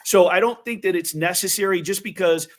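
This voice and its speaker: A man hosting an interview, telling stories in an animated way with quick asides. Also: sits high. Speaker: host. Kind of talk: casual interview chat.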